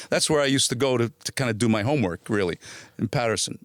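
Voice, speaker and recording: A middle-aged man, a guest actor in a casual interview, telling animated stories and slipping in phrases. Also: medium pitch, quick pace, no echo. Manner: animated storyteller, slips into Italian phrases.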